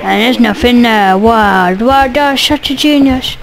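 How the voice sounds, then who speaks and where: Goofy sweary woman gamer, slow talk. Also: fairly high pitch, noisy background. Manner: sweary, goofy, talks to the game. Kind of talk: let's play commentary.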